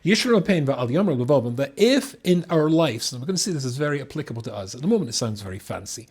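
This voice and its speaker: A rabbi leads an animated Torah class for a live audience, reading lines of Hebrew text and then explaining them. He's lively, speaking fast in a mid-range voice with a breathy edge.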